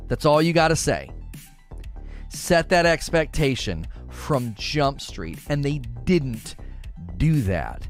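A man's voice: on the high side, big pitch swings, slow pace, soft background music. A man hosting a gaming talk show, ranting in an exasperated, emphatic way to his co-hosts. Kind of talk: opinionated gaming commentary.

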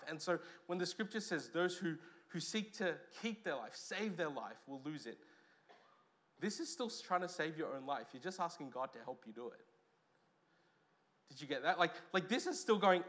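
Aussie pastor guy preaching, kinda high voice, goes loud then real quiet. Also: normal speed. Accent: Australian. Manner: lively preaching, swings between loud emphasis and quiet asides. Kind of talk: sermon.

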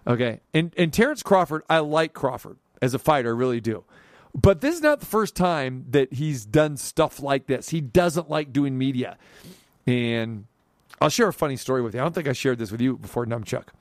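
Animated male sports radio host. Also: medium pitch, moderate pace, no room sound, clean studio sound. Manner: animated storyteller, voice climbs sharply when riled up. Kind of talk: sports talk radio monologue.

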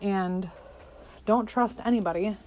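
A woman's voice: medium pitch, measured pace, darkish tone, slight background noise. A woman hosting a podcast, delivering a profane, skeptical political rant with exasperated outbursts. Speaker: podcast host. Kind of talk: ranting political monologue.

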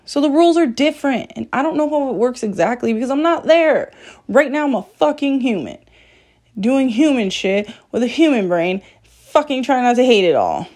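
A woman talks alone on her podcast in a frank, confessional way, with a voice a little on the high side. She swears freely and pokes fun at herself, breaking into laughs as she goes. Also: animated, moderate pace, darkish tone. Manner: profane, self-deprecating, laughs often. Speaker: podcast host. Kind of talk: candid solo podcast monologue.

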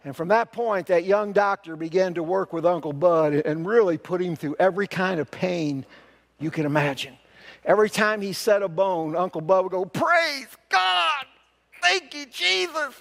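Gravelly high-voiced male pastor. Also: normal speed. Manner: folksy, earnest storyteller. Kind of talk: sermon storytelling.

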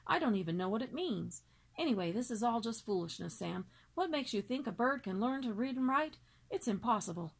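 A woman reading aloud and voicing a stern, brisk female first-grade teacher who talks in emphatic, commanding exclamations. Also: fairly high pitch, lively intonation, gravelly, husky, full character voice. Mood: doubtful. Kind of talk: storybook read-aloud.

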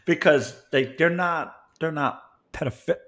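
A man's voice: on the high side, a little slow, fairly bright tone. A young man, a podcast co-host, telling a bar story in casual, profane chat and laughing as he goes.

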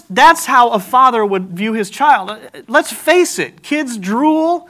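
Guy preaching a sermon, pretty high voice, bright and sharp, jokey animated storyteller. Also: a little slow. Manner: animated storytelling with self-deprecating humor. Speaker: pastor.

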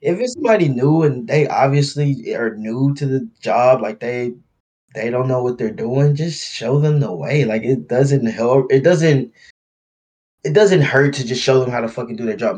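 A young man co-hosting a podcast, telling work stories in a casual, profane, animated way. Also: medium pitch, normal speed. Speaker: podcast co-host. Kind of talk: casual chat.

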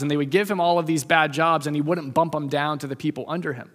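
A male preacher telling a story in a sermon, speeding up and slowing down for emphasis. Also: on the high side. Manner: lively storytelling, shifts from fast to slow, emphatic. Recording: long hall reverb.

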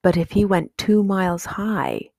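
A woman's voice: mid-range voice, measured pace, gravelly, darkish tone, no room sound, pitched above the performer's own voice. A woman reading an audiobook, voicing a curious young boy who asks eager questions.

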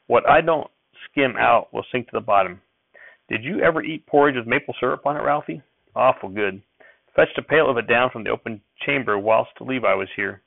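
A man voicing a fussy, excitable old rural grandfather who talks in a folksy backwoods dialect and breaks into sharp scolding. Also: mid-range voice, vocal fry, dry recording. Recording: dry, thin phone-like sound.

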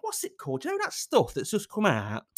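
A coy, evasive young wife, high and sing-song as she pretends to forget a word, put on by a man telling the story. The voice jumps well above his own and wavers about. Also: wildly swooping pitch, fast talker.

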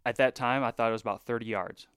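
A man recounting a bowhunt in a casual podcast chat, animated and full of fillers, sometimes dropping into hushed asides. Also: medium pitch, quick pace, smooth, no room sound, studio quality. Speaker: bowhunter guest.

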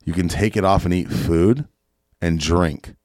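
A man with a fairly low voice rants through a casual podcast, swearing freely and hammering his points home. The sound is dry and close, with no room around it. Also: measured pace, a little mellow, no echo. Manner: profane, emphatic ranting. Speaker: podcast host. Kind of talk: casual opinionated podcast rant.

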